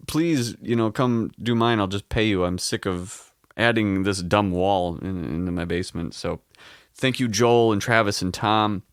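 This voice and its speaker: Lively rambling male podcast host. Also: lowish voice, dry recording, clean studio sound. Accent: Midwestern American. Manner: rambling, joking, swearing, self-mocking. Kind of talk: casual solo podcast chat.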